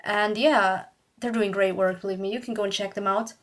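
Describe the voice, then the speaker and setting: A woman's voice: mid-range voice, steady tone, normal speed. Chatty young woman telling a story. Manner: chatty, rambling, laughs often, acts out quotes. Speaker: YouTuber. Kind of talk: casual storytelling vlog.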